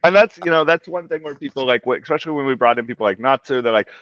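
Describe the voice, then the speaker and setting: A man speaks as a guest in a casual interview, circling his points with a steady stream of "like" and "you know". His voice sits at an ordinary middle pitch. The audio is muffled and lo-fi, with a dry, dead sound. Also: very fast, dry recording. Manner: rambling, heavy on "like" and "you know". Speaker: comic translator guest.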